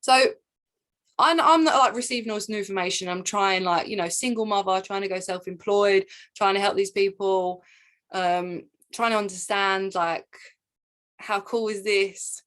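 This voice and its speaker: A woman, a spiritual teacher, telling her own story in an excited, rambling monologue full of repeats and asides. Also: medium pitch, moderate pace. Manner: excitable, repeats herself, jumps between asides.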